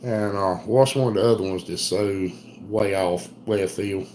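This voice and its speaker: A middle-aged man with an Eastern North Carolina Southern accent, chatting casually on a livestream in a folksy, drawn-out storytelling way. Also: lowish voice, a little mellow, a little hiss or hum. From Southern United States. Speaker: livestream host. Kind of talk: casual live chat reading comments.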